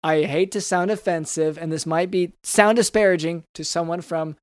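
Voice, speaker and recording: A man's voice: on the high side, steady tone, normal speed, clean tone, dry recording, clean studio sound, natural voice. A man improvising a bumbling rural doctor who hesitates, stammers and gets confused in a comedy sketch. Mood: flustered. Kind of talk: improvised comedy role-play.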